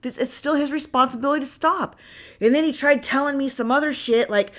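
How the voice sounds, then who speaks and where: A woman hosting a podcast, telling candid personal stories in an animated, profane way, moving from loud venting to low asides. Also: fairly quick. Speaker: podcast host.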